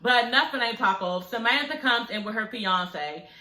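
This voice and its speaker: A woman's voice: on the high side, lively intonation, moderate pace, bright, forceful tone, echoey room, low-quality recording. A woman recapping a reality TV episode for her viewers in a sassy, gossipy, profane way, talking straight to them. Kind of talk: casual recap vlog.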